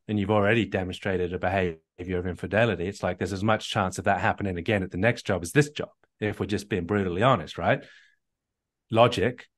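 A man with a lowish voice coaches a caller on a live call. He talks earnestly, repeats himself and often restarts his sentences. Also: fairly bright tone. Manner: earnest, repetitive restarts, storytelling. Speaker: marriage coach.

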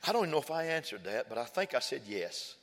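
Pastor, folksy sermon storyteller, mid-pitched, long church reverb, faint music under. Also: male voice, big pitch swings, quick pace, a bit bright. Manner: folksy storytelling with emphatic repeated phrases. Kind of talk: sermon testimony. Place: church sanctuary.

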